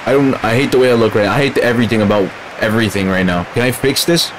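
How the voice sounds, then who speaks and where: A man's voice: medium pitch, rapid-fire, background noise. A man streaming a game live, grumbling in casual slang and calling his listeners bro.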